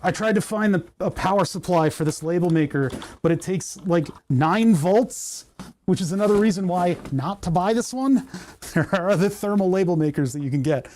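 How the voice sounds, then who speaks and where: Mellow-voiced man muttering through a livestream. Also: sits high, lively intonation, moderate pace, a little hiss or hum. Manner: rambling, talks to himself while fiddling with menus. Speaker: livestream host. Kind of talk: casual livestream chat while working. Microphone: desk microphone.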